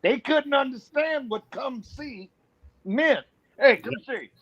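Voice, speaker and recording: Podcast guest, high voice, easygoing chuckler, slightly muffled recording. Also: male voice, lively intonation, slow pace. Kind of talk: casual chat. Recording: slightly dull sound.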